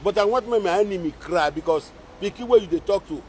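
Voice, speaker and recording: A man's voice: high voice, fast talker, darkish tone, slight background noise. A man speaking Nigerian Pidgin English, scolding and mocking in a repetitive social media rant. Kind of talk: scolding live-video rant.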